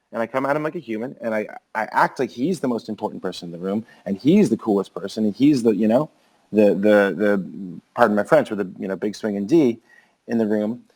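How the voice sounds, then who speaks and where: A man in casual podcast chat, rambling and animated, peppering his stories with filler words. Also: fairly low pitch, low-quality recording. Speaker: podcast co-host.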